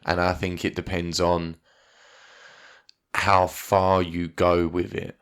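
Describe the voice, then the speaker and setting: Casting: male podcast co-host, very low voice, wry, laughs easily, casual debate. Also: monotone, takes it slowly, fairly bright tone, smooth.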